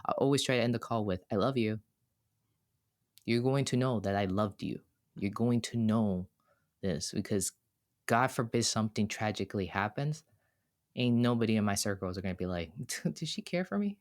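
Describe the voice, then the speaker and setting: A man co-hosting a podcast speaks in an earnest, heartfelt manner, often restarting sentences as the talk turns casual and reflective. His voice is lowish and his pace moderate.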